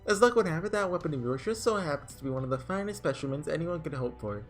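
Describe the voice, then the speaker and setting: A man's voice: on the high side, animated, fast, soft background music, voice pushed up, lightly acted. A man voicing a showy, self-proclaimed genius weaponsmith who talks in theatrical, self-satisfied patter. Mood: smug.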